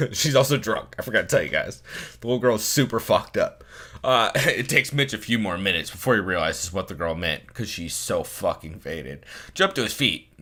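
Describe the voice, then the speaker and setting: Young guy reading a text game out loud, bright voice, swears a lot, jumpy pitch. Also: expressive, normal speed. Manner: profane, joking, riffing. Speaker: let's play host. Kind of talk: casual game commentary and reading aloud.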